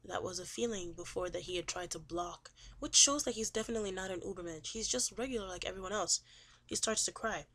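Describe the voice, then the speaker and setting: A woman student casually retelling a story in her own words, chatty, with lots of "like" and "um", her voice often trailing off quietly. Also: on the low side, fast talker, a little hiss or hum. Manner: chatty, says "he was like" and "um" often. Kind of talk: casual book summary.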